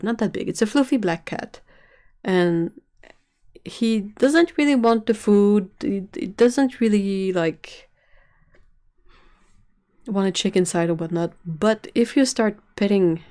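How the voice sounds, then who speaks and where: A woman's voice: mid-range voice, a little mellow. A woman hosting a livestream in casual chat, telling stories in a chatty, giggly way. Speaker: livestream host.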